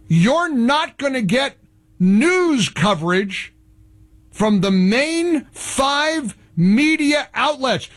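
A man's voice: high-pitched, sing-song, slow. A man hosting a talk radio show, delivering political commentary in a heavily sarcastic, mocking manner.

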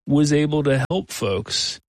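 A man hosting an interview, asking relaxed, curious questions in a measured way. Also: a little high, dry recording. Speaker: radio interview host. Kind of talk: interviewing a guest.

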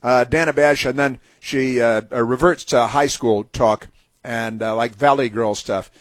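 A man's voice: medium pitch, fairly even intonation, measured pace, no echo. A man hosting a talk radio show, delivering a sarcastic, mocking monologue full of fillers and restarts.

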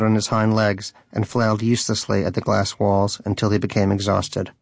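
A man's voice: on the low side, monotone, moderate pace, gravelly, few pauses, no room sound, soft background music. A man narrating a comic storybook in a wry, dry way.

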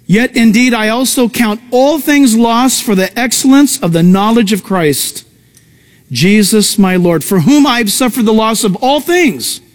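A male pastor preaching a sermon with emphatic pitch jumps, breaking into conversational asides to the congregation. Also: lively intonation, unhurried.

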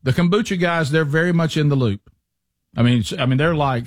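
A man's voice: medium pitch, fast, no room sound. A middle-aged man, telling a long casual story to his co-hosts and acting out the quotes in it. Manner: animated storyteller, acts out quotes.

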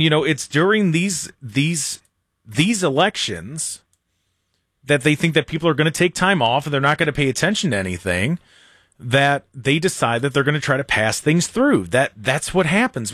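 A man's voice: fairly high pitch, dry recording, studio quality. A man hosting a casual political talk radio show, chatting animatedly and often restarting his sentences. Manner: animated, talks in restarts and repeats.

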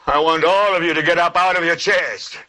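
A man's voice: fairly high pitch, fairly even intonation, a little fast, pushed and bright, rough recording. An actor playing a furious male TV newsman who urgently commands his viewers. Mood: commanding.

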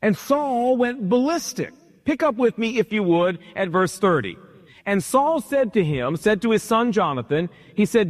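High-voiced man preaching a sermon. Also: very animated, normal speed. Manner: paraphrases scripture in casual modern speech; acts out the characters' lines. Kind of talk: sermon, retelling a Bible story.

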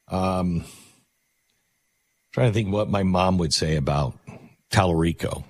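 A man's voice: deep voice, unhurried, long pauses, a little mellow, no room sound. A man hosting a talk radio show, delivering a sarcastic, rambling monologue.

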